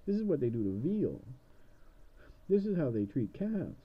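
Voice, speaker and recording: A man's voice: fairly high pitch, big pitch swings, moderate pace, husky. A man retelling a fairy tale casually, rambling with sarcastic asides, on a dull lo-fi recording. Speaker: storyteller.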